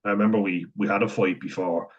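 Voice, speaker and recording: A man's voice: sits low, steady tone, quick pace, breathy edge. A young man in a candid, profane personal monologue, talking frankly and conversationally. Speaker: vlogger. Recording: dull lo-fi sound.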